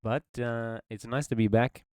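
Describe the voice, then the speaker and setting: A man's voice: mid-range voice, flat delivery, normal speed, a little mellow, smooth, no echo, clean studio sound. A man streaming live, chatting casually with his viewers in a laid-back, slangy way. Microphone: desk mic. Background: faint background music.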